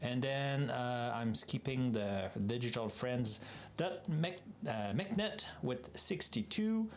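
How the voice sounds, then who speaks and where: Casting note: French Canadian man, native French, mid-pitched, loose chatty streamer with faint background hiss. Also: animated. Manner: rambling, chatty, quick asides. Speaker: live-coding streamer. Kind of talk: casual live-stream chat.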